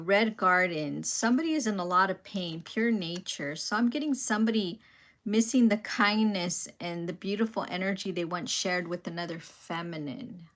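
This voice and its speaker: A woman giving a tarot reading, musing aloud in a slow, pausing way about what she senses. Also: lowish voice, a bit bright. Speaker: tarot reader.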